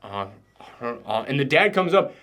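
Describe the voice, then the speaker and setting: A man's voice: mid-range voice, sing-song, normal speed, fairly bright tone. A man ranting animatedly about a film in a casual review chat, swearing as he gets exasperated. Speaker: film reaction host.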